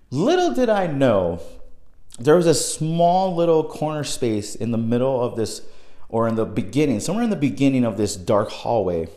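A young man telling a personal story in a casual, profane, animated way, dropping low and then bursting into loud exclamations. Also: reverberant.

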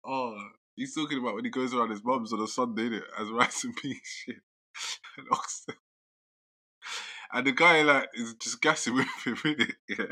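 A man, talking in a relaxed, slangy way. His voice is very bright and forceful, and he often laughs while he tells a story. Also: medium pitch, normal speed. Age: 30s. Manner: laughs through his own stories, slangy. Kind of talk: casual chat.

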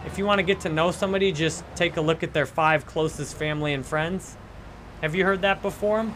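A middle-aged podcast host and life coach gives a casual motivational monologue on positive living, his slightly high voice set against background noise. He sounds earnest and upbeat, laughs often, and mimics complainers in mock voices.

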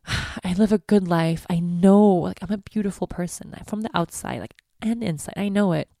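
Woman, 20s, podcast host: candid confessional monologue, low gravelly voice, dry close sound. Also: normal speed, warm tone, no room sound. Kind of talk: personal monologue.

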